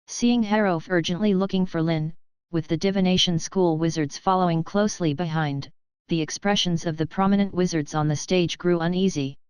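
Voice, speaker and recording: A woman narrating a fantasy novel audiobook in an even, steady reading voice. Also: fairly low pitch, smooth, dry recording, low-quality recording. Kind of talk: scripted narration.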